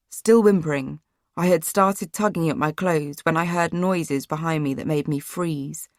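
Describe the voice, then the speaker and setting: A woman reads a first-person memoir in a low, measured, subdued voice. The sound is close and completely dry, like a treated audiobook booth. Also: no room sound. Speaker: audiobook narrator.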